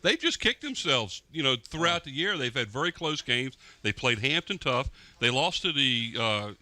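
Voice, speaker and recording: A man announcing a local high school football game, reading sponsor spots and giving lively commentary. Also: normal speed, no room sound. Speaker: play-by-play announcer. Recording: local cable broadcast with music behind.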